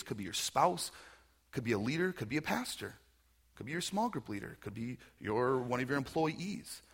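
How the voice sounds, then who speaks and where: A man preaching a conversational sermon, animated, often acting out quoted voices. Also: mid-range voice, slightly rough. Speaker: pastor.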